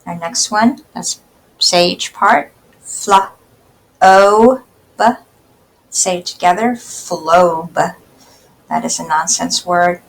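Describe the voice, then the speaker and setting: Slow, carefully spoken woman teacher. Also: on the low side, fairly even intonation, gravelly, husky, poor audio. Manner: slow, carefully enunciated, sounding out word parts. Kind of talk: slow, clear phonics lesson for young children.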